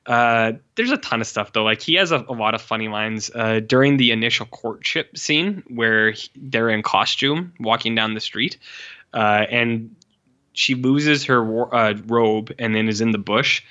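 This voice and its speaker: A man co-hosting a podcast in loose, casual chat, with a bright, forceful voice. He gets animated, swears freely and acts out lines with big reactions. The sound is dull and lo-fi. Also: mid-range voice, unhurried. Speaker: podcast co-host.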